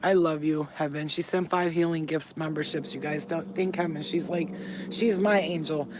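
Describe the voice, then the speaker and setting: A woman's voice: deep voice, fairly even intonation, moderate pace, noisy background. A woman who is a spiritual healer, chatting casually and emphatically to her viewers while outdoors in a yard, swearing freely. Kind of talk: casual chat to camera.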